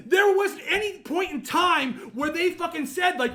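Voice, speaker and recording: A man co-hosting a podcast, ranting angrily with constant profanity and bursts of shouting. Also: extremely high pitch, expressive, a little slow, few pauses. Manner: angry, profane, shouting rants. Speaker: podcast co-host.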